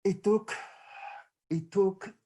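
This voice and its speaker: A middle-aged man talking over a video call, sharing something in a halting, heartfelt way with many restarts. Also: high voice, fairly even intonation, warm tone, slightly rough. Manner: halting, restarts often, grateful and moved. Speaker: audience member sharing in a Q&A. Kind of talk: emotional spontaneous sharing.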